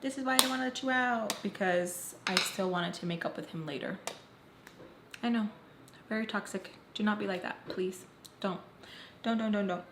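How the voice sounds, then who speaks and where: A woman recounts a storytime for her vlog in an emphatic, candid way, not shy of blunt swearing. Her voice sits at an ordinary middle pitch. It is recorded in a roomy, echoing space with a faint hiss underneath. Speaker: vlogger. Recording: roomy echo, faint background noise.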